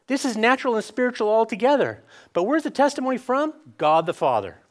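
A man preaching a sermon, asking the listeners questions and acting out scripture quotes in lively voices. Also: very high-pitched, fast talker.

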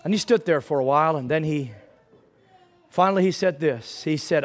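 High-voiced man preaching a sermon. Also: normal speed. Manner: emotional storytelling, building to fervent prayer.

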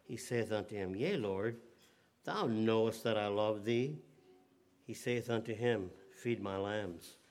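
A man preaching a sermon, reading King James scripture and then exhorting his listeners. He goes soft and slow on key words and rises loud when he presses a point. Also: fairly low pitch. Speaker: pastor.

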